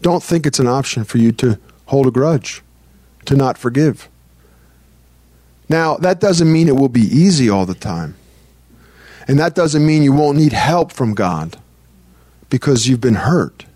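A male pastor delivering a conversational sermon in an earnest, down-to-earth way, slipping into short prayers between his points. His voice sits at an ordinary middle pitch, and the sound is dry and close, with little room echo. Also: animated, unhurried, pauses often, mellow. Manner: earnest, prays aloud mid-talk.

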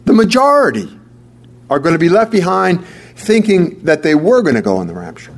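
Emphatic preacher. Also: male voice, sits high, very animated, normal speed. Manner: emphatic, repeats key phrases, stammering restarts. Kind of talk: sermon.

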